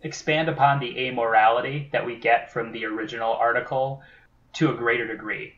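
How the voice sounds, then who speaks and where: A man co-hosting a casual movie podcast, trading wry, quick quips. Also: medium pitch, steady tone, fairly bright tone, lo-fi sound. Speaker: podcast co-host.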